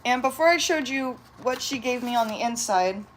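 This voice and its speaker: With a little hiss or hum in the background, a young woman from San Diego livestreams, chatting bubbly to viewers and her pets. She speaks in an animated, high voice at a moderate pace, her Californian accent tinged slightly with New York.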